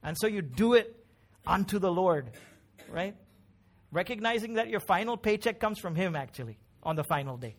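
High-voiced preacher. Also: male voice, lively intonation, moderate pace. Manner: conversational, emphatic preaching with frequent tag questions. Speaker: pastor. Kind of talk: sermon.

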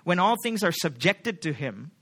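Male pastor, high bright voice, emphatic sermon delivery, keeps checking in with the congregation. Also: sing-song, moderate pace. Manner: emphatic, asks the congregation rhetorical questions.

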